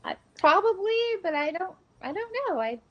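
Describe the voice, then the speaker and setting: A woman's voice: very high-pitched, very animated, normal speed, dull audio. A woman from Montreal with a lisp, giving brief agreeable replies in a casual video chat. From Montreal, Canada.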